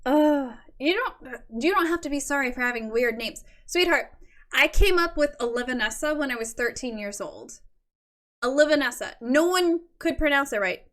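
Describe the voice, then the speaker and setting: A young woman with a slightly high voice hosts a casual livestream. She gushes and reads the chat aloud, piling praise on her viewers. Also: expressive, normal speed, a bit bright. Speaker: livestream host.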